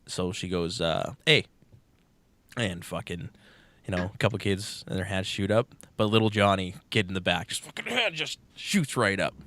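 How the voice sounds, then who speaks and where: A man's voice: sits low, lively intonation, normal speed, a bit bright. A young man co-hosting a podcast, telling a long crude joke casually, swearing often and acting out the characters. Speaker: podcast co-host.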